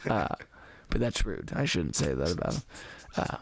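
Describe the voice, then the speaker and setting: A man from the Cincinnati area in casual podcast conversation, animated and opinionated, cracking jokes and swearing a little. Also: low voice, normal speed, no room sound, clean studio sound. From Cincinnati area, USA. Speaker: podcast guest musician.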